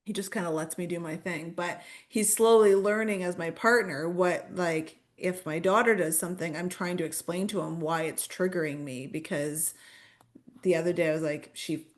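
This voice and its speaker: A woman's voice: on the low side, fairly even intonation, moderate pace. Candid woman, hesitant and chatty. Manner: candid, hesitant, many fillers. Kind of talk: casual podcast conversation.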